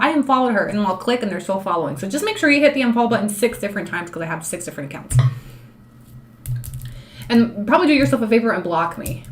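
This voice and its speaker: A woman's voice: medium pitch, slight background noise. A woman in her thirties hosting an unscripted livestream, talking straight to her chat in a blunt, profane way and slipping into Spanish now and then. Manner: slips into Spanish phrases. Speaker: livestream host and law student. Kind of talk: unscripted live-stream rant.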